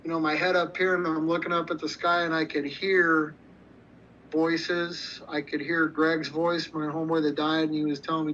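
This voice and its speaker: A man's voice: a little high, little pitch movement, normal speed, a bit bright. A man telling a story in a blunt, profane, rambling way, with frequent restarts, as an interview guest. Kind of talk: casual storytelling. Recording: slightly muffled with faint noise.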